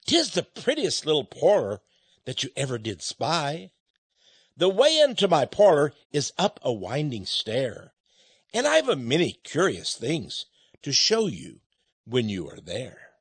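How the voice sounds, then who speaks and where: A preacher voicing a cunning, flattering male spider as he recites a poem. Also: a little high, unhurried, husky, dry recording, pitched below the performer's own voice, heavily acted. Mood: coaxing. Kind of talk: reading a poem aloud in a sermon.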